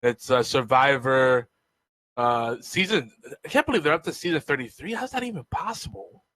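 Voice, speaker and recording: A man's voice: medium pitch, normal speed, sharp tone, slight background noise. A man co-hosting a podcast, giving wry, amused commentary in casual chat. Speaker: podcast co-host.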